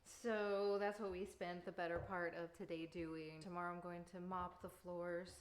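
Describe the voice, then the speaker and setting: A woman's voice: on the low side, flat delivery, normal speed. A woman in her thirties chatting casually to camera while baking at home, rambling with lots of fillers. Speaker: vlogger and mother. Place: home kitchen.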